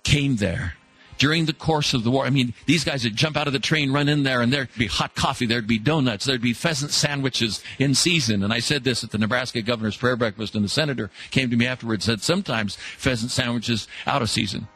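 A man telling an inspirational story in an earnest way, slowing down for emphasis. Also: medium pitch, fairly bright tone.

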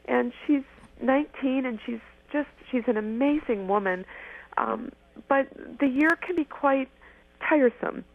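A woman's voice: high voice, unhurried. A woman in her forties from Michigan, a guest telling stories in an eager rush, often restarting her sentences. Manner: eager, tumbling phrases with frequent restarts. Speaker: guest, former pageant winner. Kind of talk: animated storytelling interview. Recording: tinny phone line, dry.

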